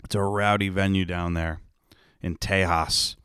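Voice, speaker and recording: A man's voice: low voice, level tone, a little slow, a bit bright, clear, resonant tone, dry recording, studio quality. A young man hosting a podcast, rambling and ranting in a profane, sarcastic way. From Rhode Island, United States. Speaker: podcast host. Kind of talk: casual solo podcast rant.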